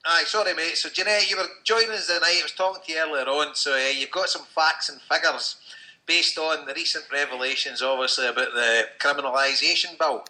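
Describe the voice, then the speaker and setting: A man hosting a podcast in a relaxed, informal way. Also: a little high, brisk, poor audio. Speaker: host.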